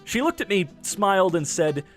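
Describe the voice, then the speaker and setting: Lively wisecracking man reading posts. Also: high-pitched, normal speed, faint music behind. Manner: playful, wisecracking asides. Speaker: YouTuber reading Reddit posts. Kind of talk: reading posts aloud with joking reactions.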